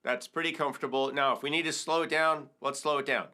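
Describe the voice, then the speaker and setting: A man's voice: fairly high pitch, steady tone, quick pace, sharp tone. A middle-aged man teaching a hand-drum lesson step by step, counting and singing the rhythms aloud. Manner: counts and sings rhythms aloud, breaks into vocables. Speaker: percussion teacher. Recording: congas and wood block playing behind the voice.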